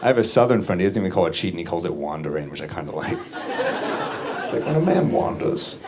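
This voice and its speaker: A man with a very low voice works a comedy club stage, dry and deadpan, his pitch swinging widely as he lands each line. The live recording picks up loud waves of audience laughter and heavy room noise behind him. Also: crowd noise. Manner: dry, deadpan delivery with quick asides. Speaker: stand-up comedian. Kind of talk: stand-up comedy set. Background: audience laughter and room ambience.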